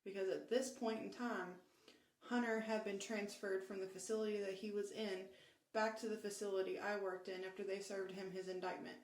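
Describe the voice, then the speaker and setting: A woman telling her own story in a plain, steady first-person way, quoting what others said. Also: mid-range voice, moderate pace, roomy sound, poor audio. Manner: plain, steady recounting with quoted dialogue.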